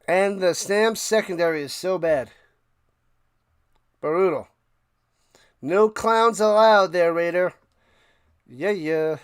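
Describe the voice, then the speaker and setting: High-voiced man calling a live game. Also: clean tone, no room sound, studio quality. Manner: thanks chat viewers by name between game calls; rises loud and fast calling big plays. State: clearing his throat and coughing. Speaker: streamer doing live play-by-play. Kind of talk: casual live-stream play-by-play commentary.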